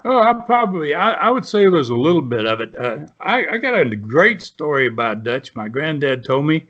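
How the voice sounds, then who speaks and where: Very animated and fairly bright, this man's voice runs on the high side at a normal speed. He is a retired wrestler in his seventies, rambling folksily through salty stories in an interview, recorded with dull, lo-fi sound.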